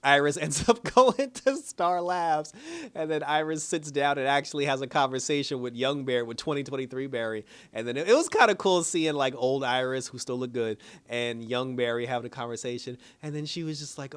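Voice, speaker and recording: A man's voice: fairly high pitch, brisk, clean tone. Man casually recapping a TV episode. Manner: animated retelling, quoting characters, laughing often. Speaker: show reviewer.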